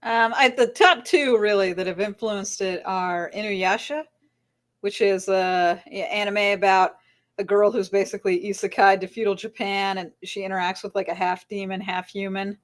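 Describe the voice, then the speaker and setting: A woman author being interviewed, telling lively anecdotes with frequent laughter and acted-out voices. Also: mid-range voice, moderate pace. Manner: animated storyteller, laughs often, acts out voices in anecdotes. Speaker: author guest. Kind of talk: casual interview chat.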